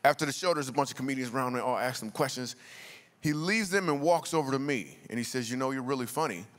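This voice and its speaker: Male comic guest speaker, middle pitch, laid-back slangy delivery, heard in a big echoing church hall. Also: fast. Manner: loose, slangy, conversational delivery with punchlines. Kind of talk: comedic storytelling talk to a church congregation. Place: large church auditorium. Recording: long reverb of a large church hall.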